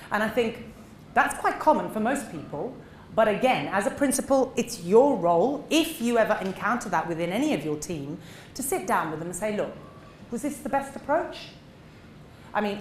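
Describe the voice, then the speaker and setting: Animated woman in an echoey room. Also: mid-range voice. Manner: animated, acts out little dialogues, emphatic. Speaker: dentist speaking at a seminar. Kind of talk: seminar talk. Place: seminar room. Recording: echoey room with faint noise.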